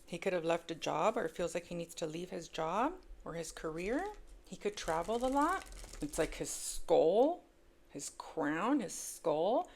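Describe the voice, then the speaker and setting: A woman with a low, gravelly voice talks through a tarot reading in a loose, casual way. She hammers points home by repeating words. She drops into near-mutters, then jumps up into loud, high exclamations. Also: lively intonation, unhurried. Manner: emphatic, repeats words for effect; swings between hushed asides and loud exclaims. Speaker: tarot reader.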